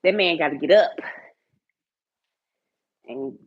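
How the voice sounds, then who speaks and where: A woman's voice: on the low side, slow pace, breathy edge. A woman streaming live from her home kitchen at night, chatting casually with viewers and talking to her dogs. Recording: tinny phone-like sound.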